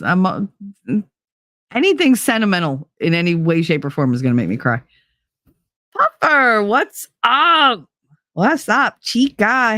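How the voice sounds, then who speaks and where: In a dry, studio-quality recording, a livestream host with a fairly low but bright-toned voice chats in a relaxed, rambling way. She calls out viewers by name and doesn't hold back on cursing.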